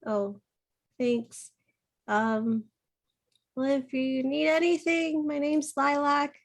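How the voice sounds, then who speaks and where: A soft, lilting young goblin girl, played by a woman. She speaks gently and kindly, a little dazed, in a voice lifted above ordinary speech. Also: sits high, flat delivery, slow, voice pushed up. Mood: friendly. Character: gentle young female goblin, just revived.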